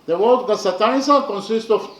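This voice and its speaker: Guy explaining a poem, high voice, lots of uh's, echoey room. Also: a bit bright. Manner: hesitant, many pauses and fillers. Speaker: poetry teacher. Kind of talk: slow explanatory lecture.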